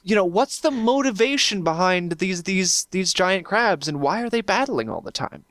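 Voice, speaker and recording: A man's voice: sits high, big pitch swings, moderate pace, a bit bright, dry recording, clean studio sound. A man co-hosting a casual podcast, wry and steering the talk, often repeating words. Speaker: podcast co-host. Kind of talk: casual chat.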